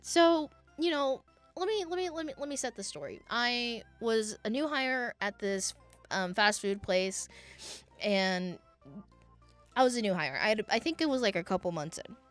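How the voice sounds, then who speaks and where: A young woman vlogger animatedly retelling a work story to camera, with dramatic pitch jumps. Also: expressive, normal speed, fairly bright tone, faint music behind.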